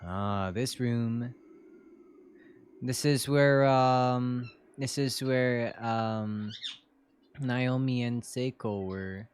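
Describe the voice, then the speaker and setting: A man's voice: mid-range voice, extremely slow, slight background noise. A young man streaming a game, chatting casually with viewers in a joking, self-mocking way. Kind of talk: casual live-stream chat while gaming.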